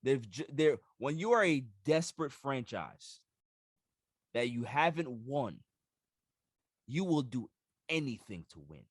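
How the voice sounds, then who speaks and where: Brief: male sports podcast host, mid-pitched, dry close sound, emphatic and animated with stacked repeats. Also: unhurried, pauses often, breathy edge, no echo. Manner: animated, emphatic, repeats words when excited. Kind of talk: casual sports talk.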